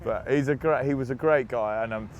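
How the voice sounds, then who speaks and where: A man from England who plays rugby tells stories as a guest in a casual interview, laughing and imitating voices. He talks briskly in a mid-range voice, and the audio sounds dull.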